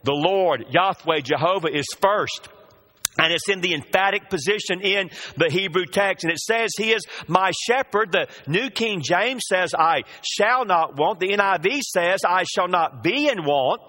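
A man's voice: sits high, animated, moderate pace, pushed and bright. A man preaching a sermon, drawing out the scripture quotes with emphasis.

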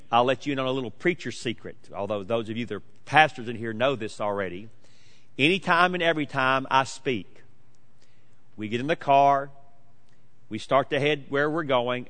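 A man's voice: medium pitch, expressive, normal speed. Man preaching in a reverberant hall. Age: 40s. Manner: emphatic, swinging from loud declarations to hushed asides. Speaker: pastor. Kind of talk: sermon.

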